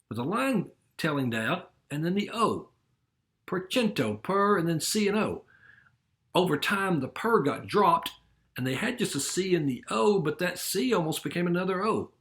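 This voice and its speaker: A man's voice: a little high, fairly bright tone. A middle-aged man, teaching a recorded math lesson in a friendly, explanatory way. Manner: friendly explanatory, curious about word origins.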